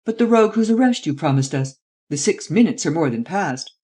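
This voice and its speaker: A reader doing a blustering male statesman in an audiobook, clipped and exclamatory, pushing hard for fast action. His voice sits at an ordinary middle pitch. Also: animated, darkish tone, husky. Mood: urgent. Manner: brisk, exclamatory, pushes for quick results. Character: impatient male head of government, blustering.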